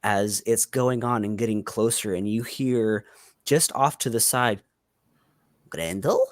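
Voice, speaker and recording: A man narrating a tabletop game as game master, pausing often and restarting his sentences. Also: on the low side, steady tone, dry recording. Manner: halting, with many fillers and restarts.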